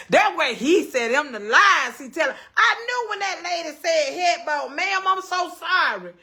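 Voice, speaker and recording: A woman's voice: high-pitched, lively intonation, unhurried, gravelly, pushed and bright. A woman in her fifties who hosts a casual livestream from home, telling stories animatedly, swearing freely and reading out viewer comments. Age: 50s. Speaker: livestream host.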